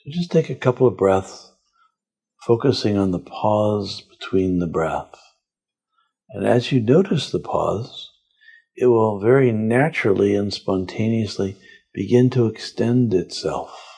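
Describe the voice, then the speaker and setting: A man, a spiritual teacher on a podcast, calmly and slowly guiding a breath meditation. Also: lowish voice, creaky, breathy edge. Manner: calm, slow, gentle guiding. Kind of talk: guided meditation instruction.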